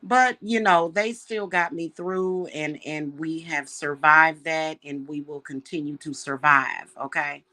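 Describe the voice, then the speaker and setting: A woman's voice: low voice, bright, forceful tone. A woman who works as a witch and reader, talking casually and with feeling to her viewers, calling them y'all. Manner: slow, heartfelt, emotional, addresses viewers as y'all. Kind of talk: casual spiritual talk to viewers.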